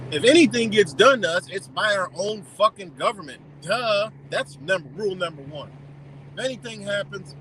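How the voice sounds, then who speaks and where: A man's voice: sits high, a bit bright, slight background noise, rough recording. A man ranting heatedly and with a lot of profanity on an outdoor live stream by a wintry lake.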